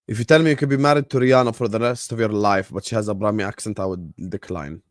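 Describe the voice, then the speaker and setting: A young man hosting a football watchalong stream, chatting casually in a rambling, joking way with slang and swearing, sometimes mumbling low in mock sadness and sometimes shouting at the match. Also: fast, dry recording, clean studio sound. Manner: drops to low mock-sad mumbles, then loud bursts at match action. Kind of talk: casual live-stream chat.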